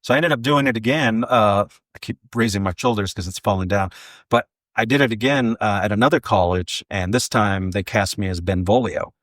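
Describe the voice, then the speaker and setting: A man's voice: lowish voice, brisk, a bit bright, dry recording, clean studio sound. A man in his forties, a guest comedian, telling casual stories in a podcast interview, rambling with lots of fillers and restarts.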